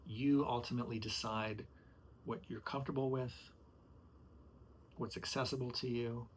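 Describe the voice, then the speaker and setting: A man's voice: mid-range voice, steady tone. Man, middle-aged, yoga cues, self-mocking asides, faint background hum. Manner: switches between slow soothing instruction and frustrated asides; swears and says "man" and "dude". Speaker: podcast host rehearsing as yoga instructor. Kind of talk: solo podcast, rehearsing a chair yoga class.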